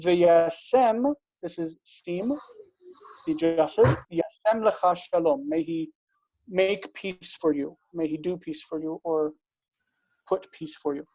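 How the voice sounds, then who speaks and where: A man teaching Biblical Hebrew in an online class, explaining slowly and patiently and often checking that students follow. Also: fairly high pitch, warm tone, no echo, dull audio. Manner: slow, patient explaining with frequent checks for understanding.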